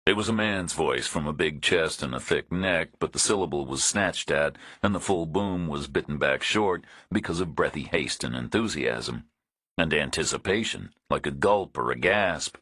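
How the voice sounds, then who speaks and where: A male narrator reads a thriller audiobook in a steady, even voice. His voice is extremely deep, with a husky grain. The recording is dry and close, with no room sound. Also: moderate pace, no room sound.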